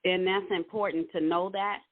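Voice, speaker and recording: Co-host clearing up which chapter is which, mid pitch, phone sound, no room echo. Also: steady tone, moderate pace. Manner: corrects and clarifies for listeners. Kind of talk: casual book discussion. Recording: tinny dry phone line.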